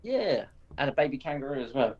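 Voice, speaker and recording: A man's voice: mid-range voice, sing-song, fairly quick, muffled recording. A man in the room giving short, easygoing replies during a casual chat. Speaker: friend in the room.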